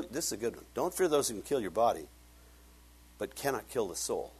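A man preaching a sermon, reading scripture with loud emphatic rises and dropping to quiet asides for personal stories. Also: medium pitch, very animated, a little fast, breathy edge. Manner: tells personal stories with laughter. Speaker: pastor.

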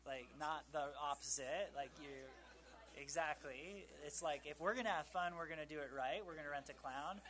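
A man's voice: a little high, unhurried, fairly bright tone. A man giving a casual, conversational Bible teaching, full of fillers and joking asides.

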